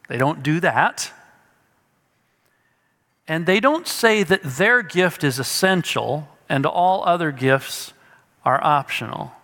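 A man's voice: on the high side, animated, measured pace, pushed and bright, in a large hall. A male pastor preaching an expository sermon, emphatic and teaching through rhetorical questions.

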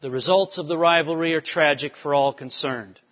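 A man with a fairly high voice teaches a Bible lecture at a moderate pace, keeping it conversational and checking in with rhetorical questions. The recording sounds dull and has a long hall reverb.

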